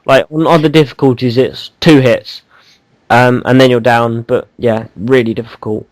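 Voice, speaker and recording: A man's voice: mid-range voice, fairly even intonation, normal speed, dry recording, low-quality recording. A man co-hosting a casual gaming podcast, rambling and teasing, with lots of ums and restarts. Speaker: podcast co-host.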